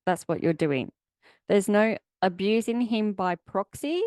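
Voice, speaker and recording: A woman's voice: medium pitch, lively intonation, measured pace, darkish tone, no echo, studio quality. An Australian woman hosting a podcast, giving sarcastic, blunt commentary. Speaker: podcast host.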